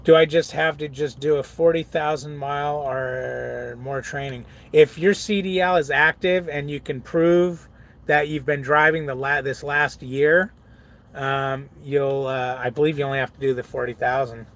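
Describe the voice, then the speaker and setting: A man's voice: on the high side, steady tone, moderate pace, fairly bright tone. A middle-aged man, a truck driver, chatting casually on a live stream, reading viewer comments aloud, laughing often and riffing on them.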